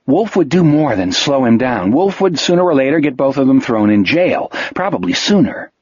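A man narrates an audiobook in a steady, measured way, his mid-pitched voice slightly husky. The recording is dry, close and a bit dull in the highs. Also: no room sound. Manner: measured storytelling. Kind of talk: scripted narration.

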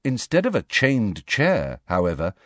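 A man reading a novel aloud as an audiobook narrator, in a measured storytelling manner. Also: lowish voice, wildly swooping pitch, fairly bright tone, no room sound, studio quality. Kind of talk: scripted narration.

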